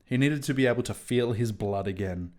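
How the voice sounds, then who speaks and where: A man's voice: medium pitch, fairly quick, darkish tone. A man reading out fan fiction with amusement and wry asides in between. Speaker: reader of AI-written fan fiction. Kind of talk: comedic dramatic reading.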